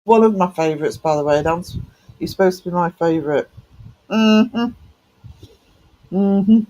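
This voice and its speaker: A man's voice: sits high, measured pace, warm tone, poor audio. A man live-streaming and chatting casually with viewers, greeting them by name with affectionate pet names, his voice cracking a little.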